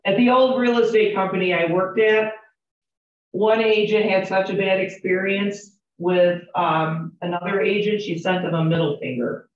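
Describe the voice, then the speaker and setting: A woman's voice: medium pitch, normal speed. A woman teaching real estate agents, chatty and candid, telling stories and asking the class questions. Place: training room with a group. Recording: roomy, distant, dull classroom recording.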